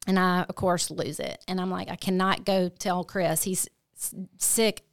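A middle-aged woman telling a hard family story as a podcast guest, earnest and halting, often restarting her sentences. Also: fairly low pitch, flat delivery, clean tone, no echo, studio quality. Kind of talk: candid personal storytelling.

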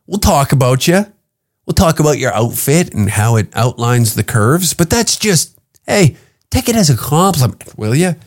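A man's voice: fairly high pitch, sing-song, normal speed. A man hosting a podcast, talking in a crude, rambling comedic monologue full of swearing. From Canada. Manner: profane, rambling, brash. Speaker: podcast host. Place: podcast studio.

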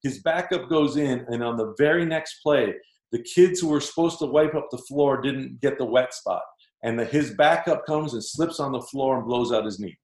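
A Canadian former basketball player, appearing as a guest, tells stories casually and acts out his coaches' lines. His voice is medium-pitched and a little mellow at a moderate pace, and the recording has a roomy echo.

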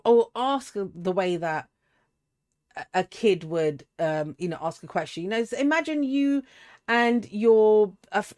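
A woman's voice: mid-range voice, darkish tone. A woman, giving a casual, rambling tarot reading full of asides and restarts. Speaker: tarot reader.

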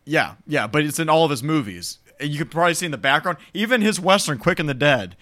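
A man's voice: a little high, expressive, quick pace, sharp tone. A man co-hosting a casual podcast about films, chatting, laughing along and adding behind-the-scenes trivia. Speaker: podcast co-host. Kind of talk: casual film discussion.

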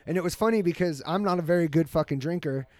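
A man with a high, light voice spins a rambling story, swearing freely and jumping into the voices of the people he quotes. He is close to the mic in a dead, dry room. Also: fast, a little mellow, no room sound. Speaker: podcast host. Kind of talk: casual storytelling chat.

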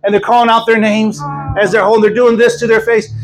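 High-voiced man preaching an animated sermon. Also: fast, rough recording. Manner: animated, laughs often, bursts into shouts. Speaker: evangelist preaching a healing service. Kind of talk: sermon told as a lively story. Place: church service before a congregation.

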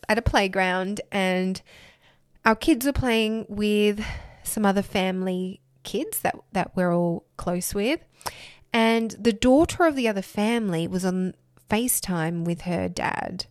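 Woman in her 30s slowly talking through a personal story, earnest, little laughs, dry close sound. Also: medium pitch, dry recording. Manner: earnest, reflective, laughs between thoughts. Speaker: podcast host.

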